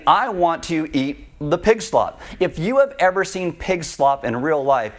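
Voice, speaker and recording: A man preaching a sermon, retelling a parable in an animated, conversational way. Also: on the high side. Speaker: pastor.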